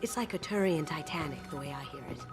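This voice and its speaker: A woman's voice: sits low, fast talker, over music, close to an everyday voice. An actress playing a dry, wisecracking female thief who admires the art she finds. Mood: wry. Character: sly female thief, art-loving and wry. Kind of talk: video game voice acting.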